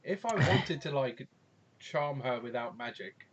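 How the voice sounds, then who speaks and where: A man's voice: medium pitch, animated, a little slow, dull audio. A man playing a tabletop game, joking drily in and out of character. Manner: dry, playful, joking. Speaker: player. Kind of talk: tabletop role-play, in and out of character.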